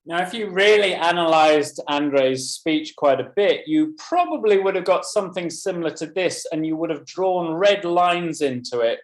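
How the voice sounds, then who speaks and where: A man's voice: on the high side, animated, normal speed, few pauses, reverberant. A man presenting a teaching webinar, explaining at length and addressing attendees by name. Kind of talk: webinar lecture.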